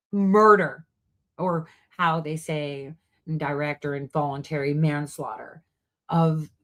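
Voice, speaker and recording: A woman hosting a heated monologue to her online audience, profane and angry, swinging between loud outbursts and hushed asides. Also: low-pitched. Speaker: host.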